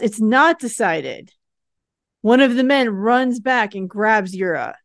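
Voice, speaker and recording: A woman's voice: fairly high pitch, no echo, clean studio sound. A woman co-hosting a podcast, casually retelling a TV episode's plot and acting out the characters' lines in passing. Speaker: podcast co-host recapping a TV episode. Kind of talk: casual recap narration.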